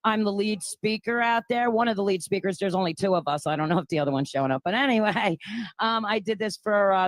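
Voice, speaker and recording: A woman's voice: on the low side, dry recording. A woman hosting a podcast in loose, joking chat, rambling between topics and laughing often, recorded outdoors. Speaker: podcast host. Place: outside near a state house.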